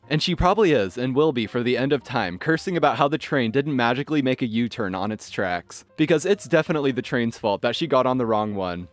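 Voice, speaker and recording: Guy narrating reddit-style stories, bouncy animated voice, soft music under it. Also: mid-range voice, no room sound. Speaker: story narrator. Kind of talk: scripted narration of online stories. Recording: faint background music. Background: faint music.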